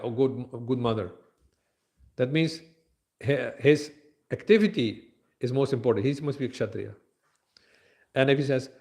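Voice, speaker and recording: A man giving a conversational scripture lecture at a temple, with frequent fillers and pauses. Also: mid-range voice, a little mellow.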